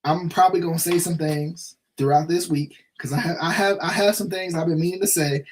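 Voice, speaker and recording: A man with a slightly high voice hosts a casual sports live stream. He vents his frustration, circles back to the same points and keeps asking "right?" as he talks straight to his viewers. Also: steady tone, a little fast, a little hiss or hum. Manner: frustrated, repetitive, full of restarts and "right?". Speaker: sports show host.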